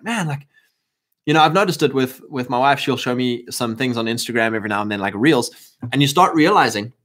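A man's voice: mid-range voice, fairly bright tone. Fervent South African man preaching on stream. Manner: fervent, rambling, many restarts. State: lingering cough. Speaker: livestream host. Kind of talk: casual preachy monologue.

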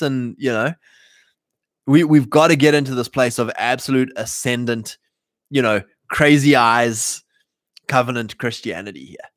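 A man's voice: mid-range voice, unhurried, dry recording, studio quality. A man preaching casually to a live chat, emphatic and slangy, often mimicking imagined voices. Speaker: Christian livestream host.

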